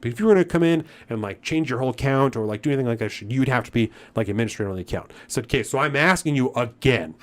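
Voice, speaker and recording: A man's voice: mid-range voice, racing, hardly any pauses. A man on a podcast recounting an annoying store visit, his voice sitting in an ordinary middle register. He plays both himself and the clerk as he tells it, swearing freely. The story grows into an irritated rant. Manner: animated retelling that grows into irritated ranting. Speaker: podcast co-host. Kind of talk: casual storytelling chat.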